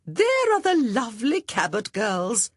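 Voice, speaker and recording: A woman voicing a nosy society matron who trills loudly and gushes. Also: fairly high pitch, wildly swooping pitch, unhurried, slightly rough, no echo, clean studio sound, pitched above the performer's own voice, full character voice. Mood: gushing. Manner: trilling and loud.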